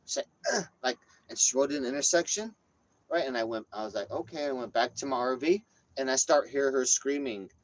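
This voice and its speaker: A man's voice: mid-range voice, brisk, rough recording. Man rambling through a profane story. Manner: rambling, profane, animated retelling. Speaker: vlogger. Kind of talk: casual storytelling.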